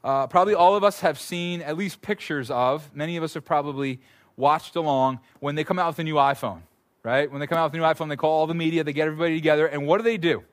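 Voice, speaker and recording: A male pastor preaching a conversational, animated sermon, often repeating words as he goes. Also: on the high side, fast.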